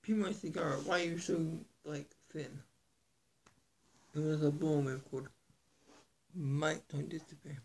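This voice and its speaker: Gravelly, husky man talking to camera. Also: a little high, fairly even intonation. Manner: earnest, soft-spoken, halting. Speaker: YouTuber. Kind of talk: casual vlog to camera.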